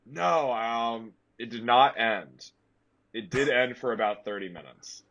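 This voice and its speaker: A man's voice: measured pace, highs cut off. A young man in his twenties hosting a podcast, telling stories in casual chat. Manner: animated storyteller, leaps way up in pitch for quoted shrieks. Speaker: podcast host.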